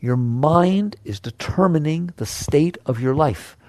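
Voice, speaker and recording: A man's voice: a little high, lively intonation, slow pace, warm tone, no room sound. A man giving a conversational spiritual talk to a live audience. He asks the listeners questions and playfully acts out the chatter of the mind. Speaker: spiritual teacher.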